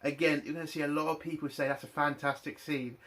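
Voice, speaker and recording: A man angrily ranting in a TV review vlog, swearing heavily and breaking into loud indignant bursts. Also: fairly high pitch, little pitch movement, quick pace. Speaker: TV review vlogger.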